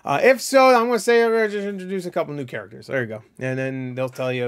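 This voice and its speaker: A man's voice: a little high, fast talker, clean tone. A young man hosting a casual solo video of gaming predictions, rambling loosely with many fillers and casual swearing. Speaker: gaming channel host.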